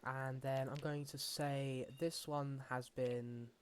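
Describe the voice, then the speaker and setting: A man's voice: mid-range voice, little pitch movement, slow pace, a little hiss or hum. Man chatting casually through gameplay. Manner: rambling self-talk with fillers and restarts. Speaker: gaming channel host.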